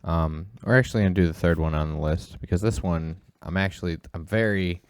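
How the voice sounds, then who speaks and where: A man's voice: deep voice, a little fast, clear, resonant tone, no echo, studio quality. A man co-hosting a livestreamed gaming talk show, talking eagerly and rambling with many fillers. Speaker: co-host. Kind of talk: casual tech chat.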